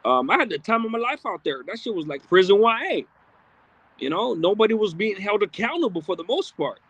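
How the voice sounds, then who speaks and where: A man's voice: high-pitched, sing-song, brisk, fairly bright tone, husky, no room sound, dull audio. A man hosting a livestream, reading viewer comments aloud in a blunt, streetwise, casual way with frequent profanity. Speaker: livestream host.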